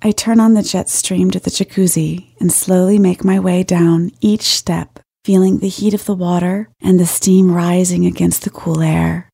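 A woman's voice: lowish voice, steady tone, moderate pace, gravelly, hardly any pauses, dark tone, husky, dry recording, clean studio sound. A woman narrating a first-person story in a wry, lightly amused way.

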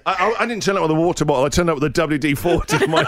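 A man's voice: a little high, rapid-fire, crowd noise. A radio host in his forties telling a self-mocking comic story, acting out voices and groans. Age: 40s.

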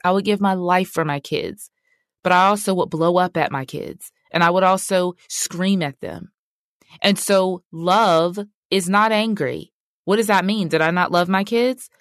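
A woman's voice: on the low side, dry recording, studio quality. A middle-aged woman, hosting a personal faith talk in a candid, conversational way that speaks straight to her listeners. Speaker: podcast host.

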